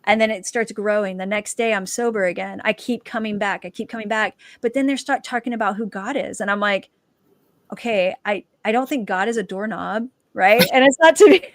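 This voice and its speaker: A woman, a dancer and author, telling her personal testimony as a guest and lively acting out the quoted dialogue. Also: a little high, fairly quick, dry recording.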